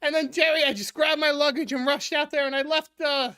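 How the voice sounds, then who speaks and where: A woman's voice: sits high, fairly even intonation, brisk, fairly bright tone, voice pushed up. A woman voicing a panicky, selfish man from a sitcom who whines defensively and gets exasperated. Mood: panicky whining.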